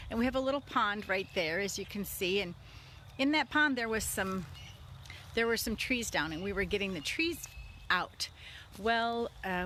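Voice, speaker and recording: A woman's voice: mid-range voice, a bit bright. A middle-aged woman chats in a loose, conversational way, full of ums and restarts. She is recording outdoors in the woods, and a faint hiss of open air sits under her voice. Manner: conversational, many fillers and restarts. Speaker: vlogger talking about leadership. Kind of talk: casual spoken story.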